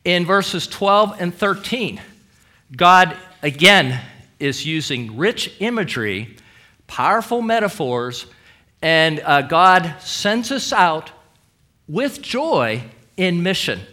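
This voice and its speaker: A man preaching a sermon with emphatic delivery, dramatic pauses and quoted scripture. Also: sits high, big pitch swings, pushed and bright. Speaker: pastor.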